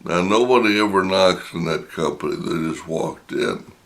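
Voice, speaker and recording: A middle-aged man, slowly telling a personal anecdote in a casual, drawn-out way. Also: low-pitched, creaky, a bit bright. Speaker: storyteller.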